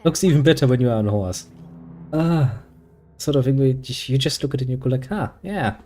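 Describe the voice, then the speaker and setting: A man's voice: mid-range voice, a little fast, mellow. Sarcastic German man rambling over gameplay. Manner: sarcastic, rambling, frequent swearing. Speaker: gaming streamer. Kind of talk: casual gameplay commentary.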